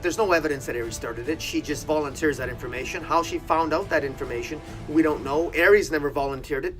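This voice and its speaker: A man's voice: on the high side, fairly bright tone. Exasperated male comic book reviewer. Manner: critical, exasperated, many fillers and restarts. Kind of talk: casual video review.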